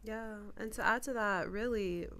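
A woman's voice: medium pitch, moderate pace, pushed and bright, no room sound. A woman co-hosting a podcast, speaking in an affirming, encouraging way. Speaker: podcast co-host. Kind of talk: supportive casual chat.

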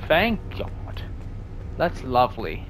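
A man giving jokey, swearing let's play commentary and reacting loudly to scares. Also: medium pitch, wildly swooping pitch, takes it slowly, a little hiss or hum. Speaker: gaming video creator.

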